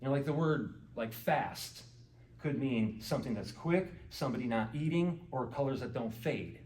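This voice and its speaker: A man with a mid-range, slightly mellow voice lectures at a moderate pace in an echoey indoor meeting hall, recorded from far off. As a garden club speaker and author giving a casual talk to a live audience, he stays conversational, quizzes people, and says "you know" many times.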